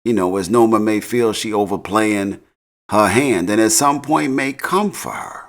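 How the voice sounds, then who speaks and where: A man's voice: fairly low pitch, unhurried. A man casually recapping a TV episode in slang, laughing often. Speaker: TV recap host.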